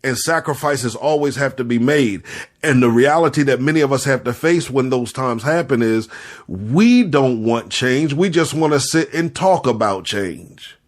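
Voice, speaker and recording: A man's voice: medium pitch, expressive, moderate pace. Man, mid-range voice, earnest preacher cadence, repeats lines for weight, fighting back tears. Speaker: podcast host and spiritual leader. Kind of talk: impassioned spoken commentary.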